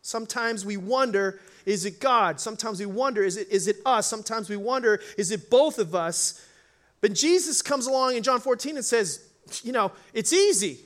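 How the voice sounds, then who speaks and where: High bright-voiced guy preaching a sermon, acts out the story voices. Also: moderate pace. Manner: animated, acts out Bible voices. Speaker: pastor.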